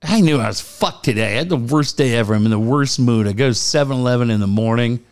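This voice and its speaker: A man's voice: medium pitch, fast, clean tone. A man co-hosting a casual podcast, swearing a lot as he tells stories. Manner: profane, animated storytelling. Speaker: co-host.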